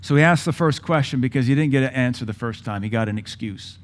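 This impassioned sermon comes from a forties-aged man with a medium-pitched voice. He leans on dramatic pauses and mimics voices from scripture.

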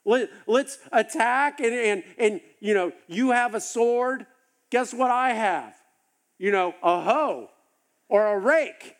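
High-voiced man preaching animatedly. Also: slow pace. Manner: animated storytelling with acted-out asides. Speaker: pastor. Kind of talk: sermon.

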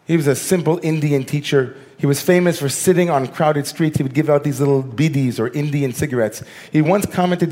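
A man, a rabbi giving a sermon, telling stories that swing between animated bursts and hushed, slow lines. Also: mid-range voice.

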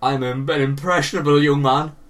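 A man's voice: fairly high pitch, steady tone, brisk, far from the mic. A young man co-hosting a podcast, telling a long embarrassing story with lots of swearing and laughter. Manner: sweary, laughing, drops voice for quoted lines. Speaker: podcast co-host. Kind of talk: casual storytelling chat.

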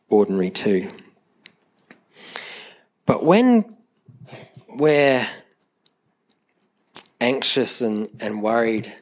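A man preaching a sermon in a conversational way, often repeating words as he restarts a thought, with light humor toward the congregation. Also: mid-range voice. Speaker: pastor. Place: church service.

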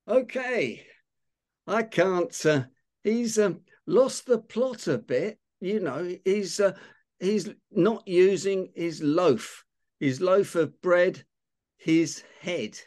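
A man's voice: sits high, darkish tone. An older man with a London Cockney accent hosts a casual online session. He talks in a chatty, playful way and quizzes his listeners on slang. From London, England. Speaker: host of an online talk session. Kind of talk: casual hosted chat on slang.

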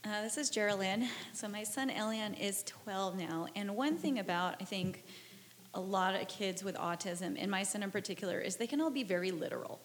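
A mother telling a lively, embarrassed story about her son, laughing along. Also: medium pitch, moderate pace, big-room sound. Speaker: parent sharing a story. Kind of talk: casual storytelling.

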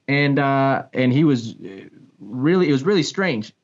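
A man, a sports broadcaster and former pro soccer player, telling a story in a casual podcast chat, with big pitch swings and frequent restarts. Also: moderate pace. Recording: dull lo-fi podcast audio.

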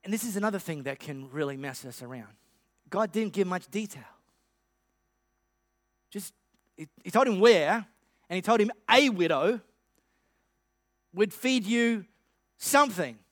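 A man's voice: high-pitched, expressive, measured pace, pauses often, fairly bright tone, no room sound, clean studio sound. A man preaching a sermon, retelling the story with a humorous, playful storytelling manner.

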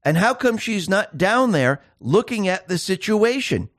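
A man's voice: sits high, very animated, a little slow, a bit bright, no room sound. Emphatic man hosting political commentary, dry sound. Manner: emphatic, rhetorical questions, sarcastic.

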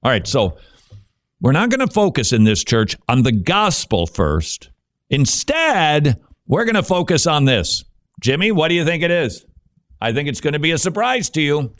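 A man hosting a radio talk show with an animated, swinging delivery that moves from jokes to earnest preaching. His voice is dry and close, with a middle pitch. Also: normal speed, no room sound. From Dutch heritage.

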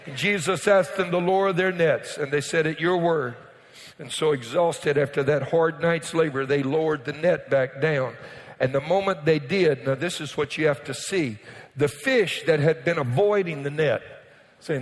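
A pastor preaching a sermon to his congregation, often shouting out his lines and then dropping to a quieter teaching voice. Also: a little high, normal speed. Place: church sanctuary with congregation. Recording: long reverb in a church hall.

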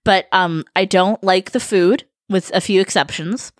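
A woman's voice: mid-range voice, a little slow, no room sound, clean studio sound. A woman in her thirties co-hosting a podcast in casual, playful chat, laughing often. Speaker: podcast co-host.

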